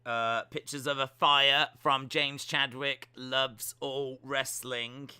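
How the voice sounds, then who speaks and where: A man's voice: mid-range voice, little pitch movement, slow, sharp tone, clean tone, dry recording. A young man hosting a casual watch-along stream, reading chat messages aloud with playful, teasing, self-mocking banter.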